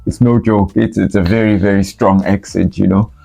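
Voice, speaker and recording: Mellow-voiced South African man, laughing. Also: on the low side, little pitch movement, moderate pace, vocal fry, faint music behind. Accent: South African English. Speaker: vlogger. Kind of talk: casual chat.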